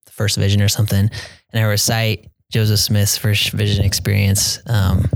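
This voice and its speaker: A young man talking casually as an interview guest about his mission, hesitant, with many pauses and fillers. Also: on the low side, monotone, creaky, no echo. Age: young adult. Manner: soft-spoken, hesitant with many ums, quotes people in a raised voice.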